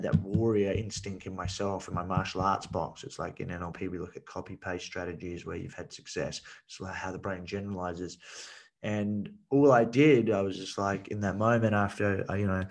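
Low, flat-voiced blunt man. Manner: blunt and swears freely, heavy use of "like" and "you know". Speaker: podcast guest, men's coach. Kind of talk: casual storytelling podcast chat.

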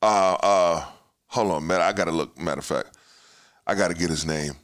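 A man hosting a podcast, talking heatedly in casual chat, swearing freely and swinging between loud outbursts and mutters. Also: sits low, normal speed. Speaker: podcast host.

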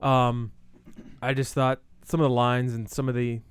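A man's voice: mid-range voice, level tone, normal speed, smooth, no room sound. Hesitant man giving film opinions. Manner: hesitant, many ums. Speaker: podcast co-host reviewing a film. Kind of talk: casual chat.

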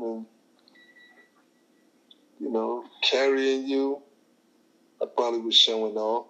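A man in casual chat, relaxed and slangy, saying "you know" a lot. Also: medium pitch, measured pace, long pauses.

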